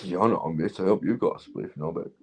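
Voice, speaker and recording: Poor audio captures a lowish, darkish male voice with a Yorkshire English accent. The speaker, a livestream host from Keighley, Yorkshire, is stoned and tipsy, rambling, swearing and laughing while chatting casually with his viewers.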